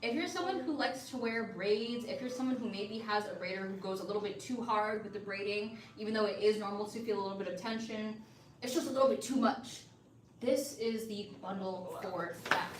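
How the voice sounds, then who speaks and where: A woman hosting a live shopping stream, chatting upbeat and casual with viewers as she pitches hair-care bundles. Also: fairly quick, recorded from a distance, a little hiss or hum. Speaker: livestream seller. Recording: echoey room, voice a bit off-mic, faint ambience.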